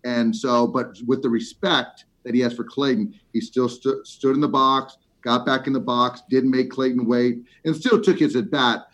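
A middle-aged man, a former ballplayer, chatting about baseball and telling an animated story with lots of fillers. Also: mid-range voice, normal speed, few pauses. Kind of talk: casual sports chat. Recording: slightly muffled lo-fi audio.

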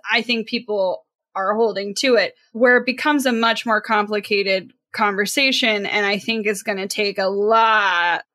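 A woman's voice: fairly high pitch, fairly bright tone. A woman co-hosting a podcast, talking earnestly and emphatically in casual chat, with frequent filler words. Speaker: podcast co-host.

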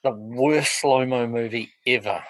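A man's voice: mid-range voice, unhurried, fairly bright tone, dry recording. A man co-hosting a casual film podcast, giving blunt, opinionated takes. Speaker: podcast co-host.

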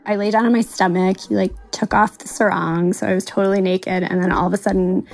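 A woman in her late thirties is being interviewed and tells a candid story in a wry, self-mocking way. Her voice is medium-pitched and gravelly, her delivery flat and slightly fast. She laughs often and mimics other people in quoted lines.

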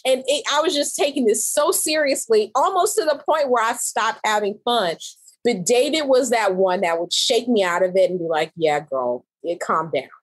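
A woman designer chatting in an interview, telling animated, emphatic stories. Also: fairly high pitch, normal speed, slightly rough, rough recording. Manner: animated, emphatic storytelling, laughs often. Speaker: interior designer, show competitor. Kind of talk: casual interview chat.

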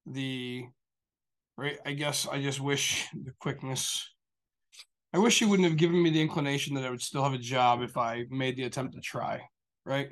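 A man's voice: mid-range voice, normal speed. A man talking casually on a show, telling a long story in a rambling, profane way full of fillers. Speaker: show regular. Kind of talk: casual chat.

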